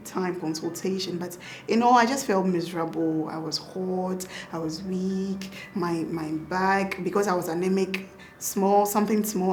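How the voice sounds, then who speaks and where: A young woman doctor with a Ghanaian accent, telling lively stories in a casual interview and laughing often. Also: on the low side, slight background noise. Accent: Ghanaian English. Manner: animated, laughing, acts out quotes. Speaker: pediatric doctor and mother, guest.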